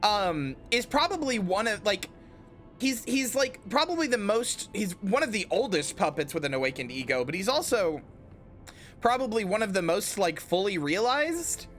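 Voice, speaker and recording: A man's voice: high-pitched, very animated, moderate pace, a bit bright. A game streamer doing casual livestream commentary, playful and rambling, often addressing his chat. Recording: faint music behind.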